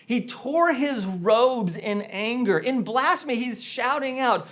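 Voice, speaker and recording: Preaching a sermon, a male pastor recounts a story dramatically, swelling to loud emphasis, falling to a hush and sometimes repeating words to drive a point home. His voice is extremely high, animated and slow.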